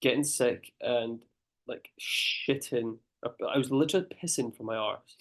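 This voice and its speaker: A man's voice: medium pitch, unhurried. A man co-hosting a podcast, talking bluntly and graphically in casual chat. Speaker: podcast co-host.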